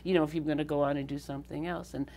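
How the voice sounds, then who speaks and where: Her voice is low and mellow with fairly even intonation, and she races through her words over a little hiss or hum. She's an older Southern woman recalling memories in an interview, laughing a lot and voicing the people she quotes.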